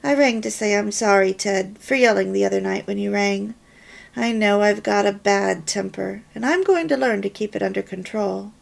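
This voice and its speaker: A woman reading the part of a quick-tempered wife and mother who speaks in a pleading way. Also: mid-range voice, gravelly.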